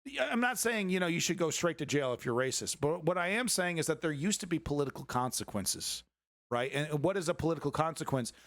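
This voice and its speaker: A man rants about news clips in a profane, sarcastic stream commentary. His voice sits a little high for a man. The sound is dry and close, with no room around it. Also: lively intonation, brisk, a bit bright, no echo. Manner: heated, swearing, sarcastic.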